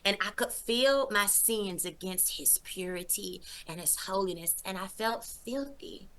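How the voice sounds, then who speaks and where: A woman tells her testimony as a guest on an interview show. Her voice is bright and forceful, and she talks animatedly, acting out the voices in her story. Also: medium pitch, measured pace. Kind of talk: emotional testimony.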